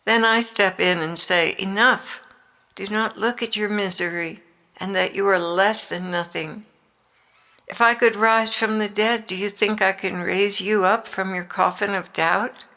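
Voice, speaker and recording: Jesus speaks as a tender, exhorting divine man, voiced by an older woman in her own voice. The tone is bright with a gravelly edge, and the delivery is unhurried. It is a devotional reading. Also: medium pitch.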